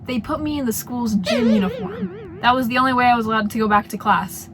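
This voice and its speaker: Animated, sarcastic young woman storyteller. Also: a little high, a little fast, rough recording. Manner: animated, sarcastic, acts out dialogue. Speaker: vlogger. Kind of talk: storytime vlog.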